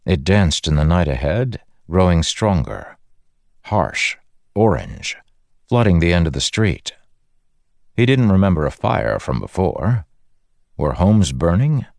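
A man narrating a fantasy audiobook in a steady, measured storytelling style. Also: low-pitched, creaky, dry recording, clean studio sound.

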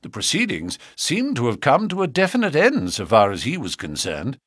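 A man reading a novel aloud as an audiobook narrator, with expressive storytelling. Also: medium pitch, moderate pace, breathy edge, no room sound, clean studio sound. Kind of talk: scripted narration.

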